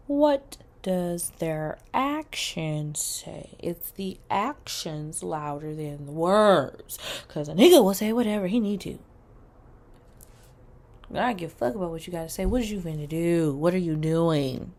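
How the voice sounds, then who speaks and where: A woman in her thirties giving a casual comedic rant to camera, blunt and profane, jumping from loud outbursts to hushed asides and stretching words out for emphasis. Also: on the low side, animated, a little slow, gravelly. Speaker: vlogger.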